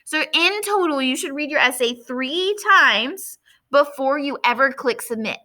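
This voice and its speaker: Woman teacher with a high, bright voice, talks kids through editing in a friendly way. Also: lively intonation, unhurried. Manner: friendly, thinking aloud while reading her own essay. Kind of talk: classroom lesson for children at home.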